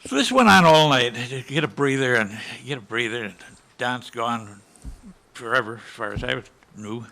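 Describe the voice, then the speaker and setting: Man in his 80s, veteran panelist, gravelly edge, storytelling with spoken gunfire. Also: mid-range voice, animated, moderate pace, pushed and bright. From United States. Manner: vivid, with spoken gunshot sounds. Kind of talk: storytelling to a live audience. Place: conference hall panel.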